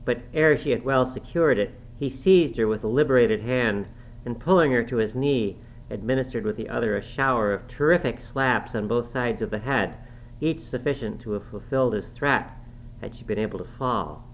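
A man reading a classic novel aloud in a measured, formal narrating manner. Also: medium pitch, slight background noise, rough recording. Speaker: audiobook narrator.

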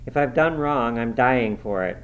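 A man's voice: expressive, a little slow, a bit bright, a little hiss or hum, low-quality recording. A man reading aloud, voicing a desperate, dying young woman in a pleading, breaking voice. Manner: pleading, breaking, high-strung.

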